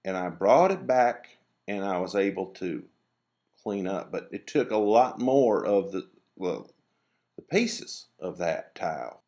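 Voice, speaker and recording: Man, gravelly fry in the voice, rambling vlog monologue, grumbling, lots of restarts. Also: on the low side, sing-song, a little slow, a little mellow. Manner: meandering, digressive storytelling with many restarts and fillers; grumbling about rudeness. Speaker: vlogger. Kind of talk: casual rambling monologue to camera.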